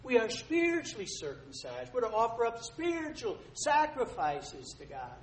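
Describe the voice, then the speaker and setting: A man preaching a sermon, emphatic and rising to loud rhetorical questions, addressing listeners as dear ones. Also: very high voice, huge pitch swings, normal speed, few pauses. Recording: echoey room, faint noise.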